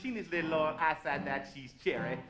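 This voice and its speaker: A man voicing a gruff country man selling a battered old pickup truck, in a drawling, folksy manner. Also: fairly high pitch, quick pace, roomy sound, over loud music, natural voice.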